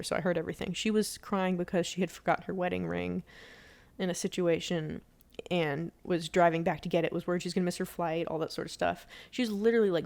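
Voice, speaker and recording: A woman's voice: on the low side, gravelly, darkish tone. A young woman vlogger talking casually from bed while gaming, rambling with restarts and acting out quoted speech. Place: in bed at home.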